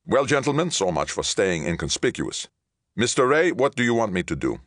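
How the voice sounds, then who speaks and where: A man's voice: lowish voice, very animated, fairly quick, a bit bright, dry recording, studio quality, voice pushed up. A man voicing a male starship captain under attack, giving clipped, strained orders. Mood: tense.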